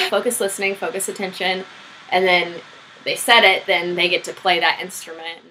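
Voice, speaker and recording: A young woman music therapist chatting casually over a video call, laughing often and talking in quick bursts. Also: on the low side, little pitch movement, rough recording.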